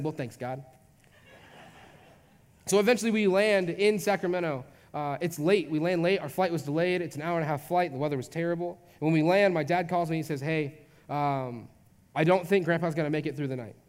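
Chatty young pastor in a reverberant hall. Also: male voice, sits high. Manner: casual, chatty, lots of "like". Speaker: youth pastor. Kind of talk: storytelling sermon.

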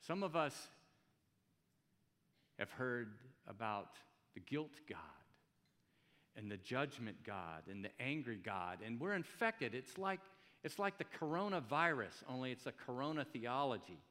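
Male pastor, mid-pitched, chatty and jokey sermon delivery, long hall reverb. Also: sing-song, unhurried, pushed and bright. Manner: conversational, jokey preaching with rhetorical questions. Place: church hall.

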